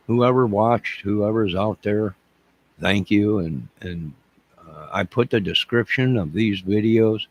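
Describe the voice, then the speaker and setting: A man's voice: on the low side, vocal fry, husky, no echo, lo-fi sound. A middle-aged man hosting a livestream, talking in an emotional, repetitive way and addressing his chat. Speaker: channel host. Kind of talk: rambling livestream talk.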